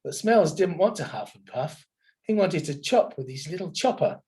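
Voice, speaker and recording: Expressive male teacher reading a story. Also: on the high side, moderate pace. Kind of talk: reading a picture book aloud to children.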